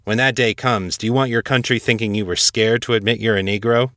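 A man's voice: on the low side, fairly even intonation, a little fast, fairly bright tone, no echo, natural voice. A man voicing a blunt, commanding older Air Force colonel who swears freely and talks dryly. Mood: stern. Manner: profane, commanding, dry.

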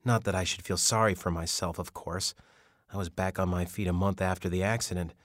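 A man's voice: low-pitched, steady tone, a little fast, no echo, clean studio sound, natural voice. A man voicing an awkward, well-meaning middle-aged man who talks earnestly and apologetically in an audiobook.

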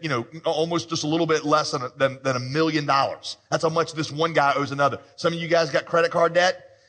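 Husky-voiced male pastor preaching in a reverberant hall. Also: fairly high pitch, bright, forceful tone. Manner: conversational storytelling with humorous asides. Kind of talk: sermon.

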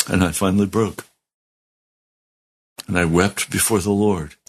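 A man's voice: deep voice, fairly even intonation, unhurried, breathy edge. A middle-aged man, a pastor, telling his testimony in a sermon, earnest and heartfelt with strong emphasis.

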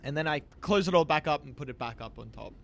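Male player, slightly high voice, hesitant, casual, faint hiss. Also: animated, vocal fry. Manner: hesitant, halting, describing actions. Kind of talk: casual in-character play.

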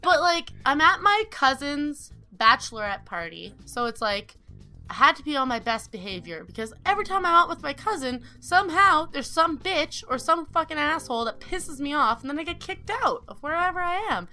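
Bright-voiced young woman telling a wild story. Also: high voice, normal speed, soft background music. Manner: animated, swearing, laughing storyteller. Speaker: podcast host telling a story. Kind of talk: casual storytelling chat.

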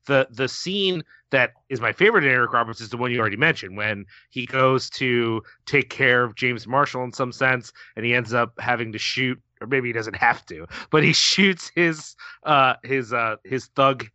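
A man's voice: mid-range voice, normal speed, hardly any pauses, pushed and bright, no room sound, muffled recording. A man co-hosting a casual podcast, rambling with hesitant restarts. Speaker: podcast co-host.

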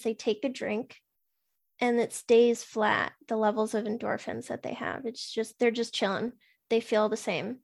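A woman with a somewhat high voice, talking things through in a relaxed, explanatory way. She fills her sentences with "like" in an easygoing podcast chat. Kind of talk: casual podcast conversation.

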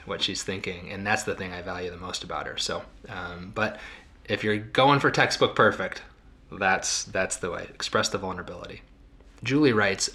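A middle-aged man with a lowish voice and a bright, forceful edge hosts a casual podcast. He reflects out loud, stopping and restarting often, filling gaps with ums and dropping in quiet self-deprecating laughs. He speaks as a marital therapist would.

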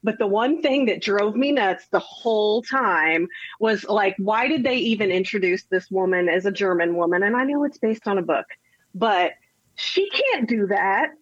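A woman's voice: mid-range voice, expressive, moderate pace, breathy edge, no echo, lo-fi sound. A woman chatting casually on a podcast panel, blunt, with plenty of fillers. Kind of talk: casual group chat.

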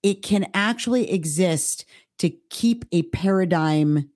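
A woman co-hosting a podcast, talking casually and stressing her main points by slowing down on key words. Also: fairly low pitch, a little mellow, no room sound, clean studio sound. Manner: emphatic, stresses key words with slowed delivery. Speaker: podcast co-host.

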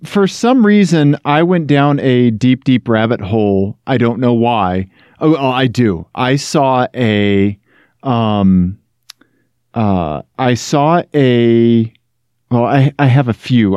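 Man, podcast co-host, casual chat, animated and jokey, dry close sound. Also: mid-range voice, slow pace, clean tone, dry recording, muffled recording.

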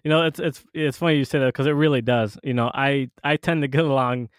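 A man's voice: mid-range voice, fairly even intonation, fast talker, smooth, no room sound, clean studio sound. A man hosting a podcast in casual chat, rambling with many restarts and fillers. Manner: rambling, full of restarts and "you know". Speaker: podcast host.

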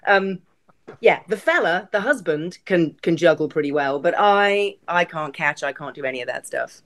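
A woman's voice: on the low side, animated, normal speed. A British woman from Britain, a guest on a podcast interview, chatting in a self-deprecating way and laughing easily. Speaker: guest, arts executive director.

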